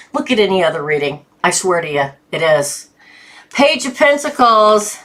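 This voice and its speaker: A woman doing a live tarot reading, chatty and often breaking into laughter and excited bursts. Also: lowish voice, normal speed. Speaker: tarot reader.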